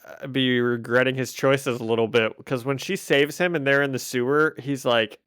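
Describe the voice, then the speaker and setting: A man's voice: mid-range voice, steady tone, normal speed, a bit bright, clear, resonant tone, no room sound, clean studio sound. A man co-hosting a casual podcast, musing aloud about a comic with hesitant restarts. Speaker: podcast co-host.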